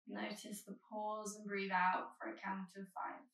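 A woman yoga teacher giving calm, gentle spoken cues through a guided flow. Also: mid-range voice, a little slow, roomy sound, far from the mic, low-quality recording.

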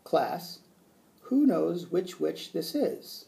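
A man voicing a costumed skeleton figure who asks riddles in a strange, slow voice. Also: a little high, very animated, creaky, dark tone, heavily acted. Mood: riddling. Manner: slow, drawn-out questions. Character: costumed teacher with strange high voice.

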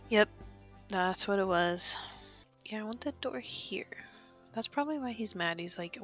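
A woman's voice: medium pitch, animated, moderate pace, long pauses, fairly bright tone, highs cut off, faint music behind. A young woman casually commenting while playing a life-simulation game, often whispering and amused. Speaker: gaming channel host. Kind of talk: casual let's-play commentary.

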